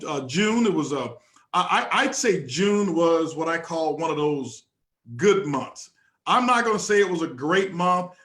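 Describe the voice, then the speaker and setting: A man's voice: mid-range voice, a bit bright, reverberant. Fired-up man hosting a company call. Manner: hyped, repetitive, many fillers and restarts. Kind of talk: motivational call address.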